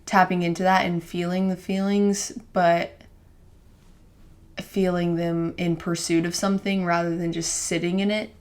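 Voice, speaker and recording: With a fairly low pitch, a level tone and an unhurried pace, a young podcast co-host talks through her emotions. Her chat is casual and meandering, heavy on "like" fillers, and sincere and openly reflective about herself.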